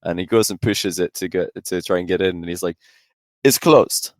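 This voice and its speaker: A young man, a podcast guest, chatting casually and rambling through animated anecdotes. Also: sits low, fast talker, no room sound, clean studio sound. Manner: rambling storyteller, animated when telling anecdotes. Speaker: podcast guest, esports pro.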